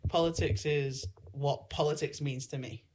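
A man hosting a casual interview, relaxed and agreeable. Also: mid-range voice, moderate pace, a little hiss or hum.

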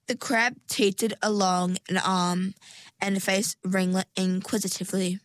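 A woman narrating a storybook in an unhurried, expressive way. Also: mid-range voice, no room sound. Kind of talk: storybook reading.

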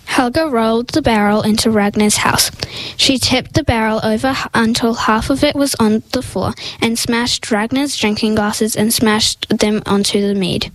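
A woman reads a story aloud in a slightly high voice. She goes carefully through the narration. Now and then she trips over a word and corrects herself without fuss. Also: steady tone, moderate pace, no room sound, poor audio. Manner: reads carefully, with small stumbles and self-corrections. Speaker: story reader.

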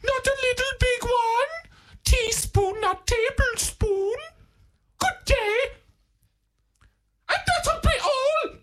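A person putting on a very high squeaky voice as a fussy customer ordering tea and scones. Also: slow pace, pauses often, fairly bright tone, exaggerated voice. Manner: dithering, polite, rambling.

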